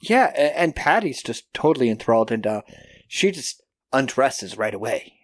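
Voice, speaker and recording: A man co-hosting a podcast, casually recapping a film and acting out the characters in quick put-on voices, with a lot of swearing. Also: medium pitch, big pitch swings, no echo. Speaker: podcast co-host.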